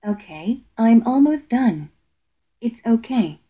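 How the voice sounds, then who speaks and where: A man's voice: very high-pitched, expressive, takes it slowly, dark tone, highs cut off, pitched above the performer's own voice, heavily acted. A man voicing a matter-of-fact woman dentist in a home role-play video.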